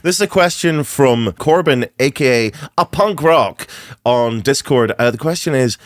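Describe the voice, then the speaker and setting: A young adult man co-hosting a podcast, telling a comic story in a lively way and laughing through it. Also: medium pitch, moderate pace, no echo, studio quality. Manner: animated, laughs through his own story. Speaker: podcast co-host. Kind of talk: comedic storytelling chat.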